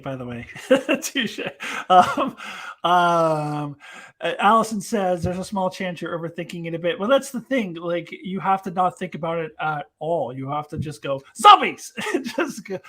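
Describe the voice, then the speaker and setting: A woman hosting a casual live discussion stream, talking in an animated, ranting way. She builds her points with exasperated energy and slips into mocking little voices as she goes. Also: lowish voice, moderate pace. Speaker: host.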